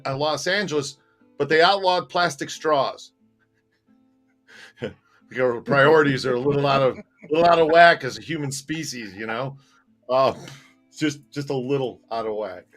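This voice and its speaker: Chatty male livestream host. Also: medium pitch. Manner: relaxed and chatty, reads comments aloud. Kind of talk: casual livestream chat, reading viewer comments.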